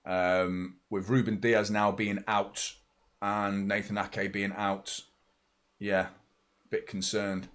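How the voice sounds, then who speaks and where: A young Englishman hosts a live football watchalong, rambling casually and greeting viewers by name. His voice is lowish and fairly bright, with a flat delivery and a slow pace.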